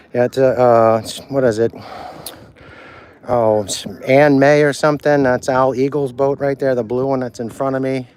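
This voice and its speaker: A man's voice: mid-range voice, darkish tone, a little hiss or hum. A man on a casual live stream, talking loosely and swearing freely while he walks an outdoor harbor dock, filmed on a handheld phone. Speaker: vlogger walking a harbor.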